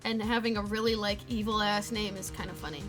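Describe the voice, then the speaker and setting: A woman's voice: mid-range voice, flat delivery, a little fast, over music. A young woman streaming from home, chatting casually and teasing her cat in a playful way. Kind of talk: casual live-stream chat.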